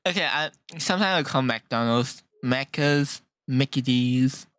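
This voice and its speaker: A man's voice: mid-range voice, fairly bright tone, no echo. A man in a casual, joking chat with friends, laughing often. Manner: joking, laughs often, slow drawn-out phrasing. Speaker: podcast co-host.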